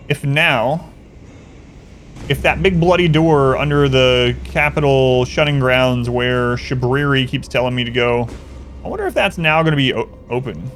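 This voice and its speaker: A man's voice: fairly high pitch, fairly bright tone, a little hiss or hum. A man chatting casually on a game stream, rambling through a story and answering chat.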